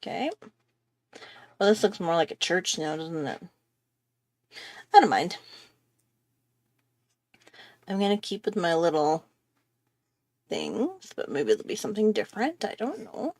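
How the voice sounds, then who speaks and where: A woman's voice: fairly low pitch, sing-song, moderate pace, pauses often, darkish tone. Chatty woman hosting a drawing stream. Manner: chatty and rambling, thinking aloud while drawing. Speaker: art tutorial host. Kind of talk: casual live drawing tutorial.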